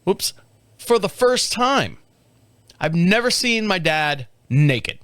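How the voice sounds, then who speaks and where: A man's voice: high voice, big pitch swings, slow, a bit bright, no room sound. A man in his fifties hosting a podcast, telling a story in a casual, candid way, swearing and laughing often. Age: 50s. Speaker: podcast host.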